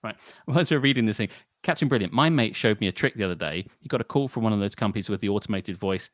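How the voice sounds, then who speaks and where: A man's voice: on the low side, wildly swooping pitch, fast talker, few pauses, no room sound, clean studio sound. A man co-hosting a podcast, ranting and swearing in casual chat. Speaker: podcast co-host.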